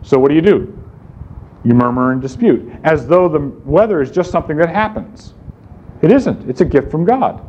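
A man's voice: a little high, lively intonation, moderate pace, darkish tone. A man preaching a sermon in an emphatic way, asking rhetorical questions and answering them himself. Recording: slightly dull recording with faint room noise.

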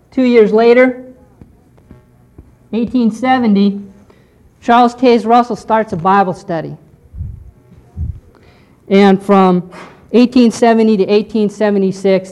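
A woman's voice: mid-range voice, darkish tone. Woman lecturing, checking in with "okay". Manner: explanatory, checks in with frequent "okay". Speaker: teacher. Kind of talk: lecture on church history.

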